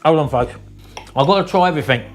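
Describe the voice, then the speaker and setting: Middle-aged man, home cooking vlog host, enthusiastic and folksy, higher-pitched, faint backing music. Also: quick pace. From England. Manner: chatty, enthusiastic, keeps addressing viewers as folks. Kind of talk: casual cooking vlog chat. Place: home kitchen.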